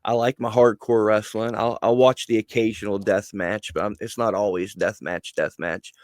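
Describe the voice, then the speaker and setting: Animated, profane male podcast guest. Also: on the low side, normal speed, no echo. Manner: animated storyteller, swears freely, laughs mid-sentence. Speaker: guest, wrestling personality. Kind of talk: casual podcast chat.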